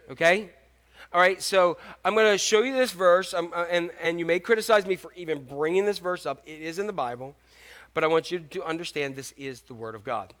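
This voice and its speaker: A middle-aged man preaching a sermon as a pastor, animated and joking, acting out little stories as he goes. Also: high-pitched. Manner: animated, storytelling with jokes and acted-out asides.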